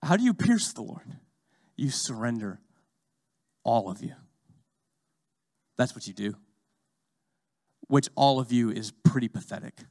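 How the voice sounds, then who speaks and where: A man preaching a sermon, swinging from loud, fast urging to slow, hushed lines. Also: mid-range voice, sing-song.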